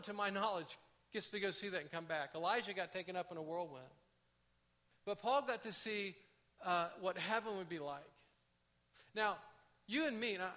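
A man preaching a conversational sermon, often restarting his phrases. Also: sits high. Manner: conversational, animated, with frequent restarts. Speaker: pastor.

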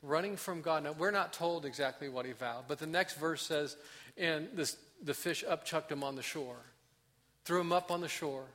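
Male pastor, high bright voice, impassioned sermon delivery with acted-out prayers. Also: moderate pace. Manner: impassioned preaching, acts out prayers, drops to soft emphasis.

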